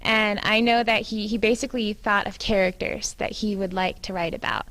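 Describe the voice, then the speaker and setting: A woman's voice: mid-range voice, steady tone, moderate pace, a bit bright, low-quality recording. A woman, a cast member, chatting casually in an interview with loose, filler-heavy talk.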